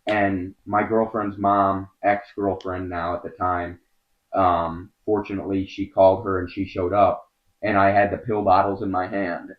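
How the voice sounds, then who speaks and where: A young man with a lowish voice tells his own story as a podcast guest, earnest and halting, leaning on filler words as he goes. The recording sounds a little dull and lo-fi. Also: level tone. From Wisconsin, USA. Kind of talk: personal storytelling in an interview.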